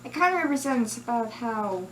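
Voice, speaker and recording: A woman hosts a casual vlog from home about doing character voices, speaking hesitantly with plenty of giggles and fillers. Her voice is a little high, expressive, and a bit bright, at a moderate pace, with slight background noise.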